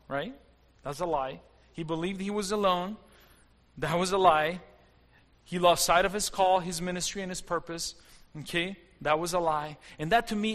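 Preacher guy, fervent sermon, bright edgy voice. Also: high-pitched. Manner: fervent, rising and falling intensity. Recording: long hall reverb.

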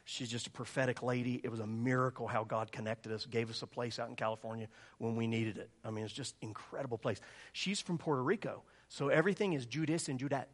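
A middle-aged man preaching a sermon, telling a story with lively, animated delivery and jumping up high when he acts out voices. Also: quick pace. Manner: animated storytelling, acting out voices in a much higher pitch.

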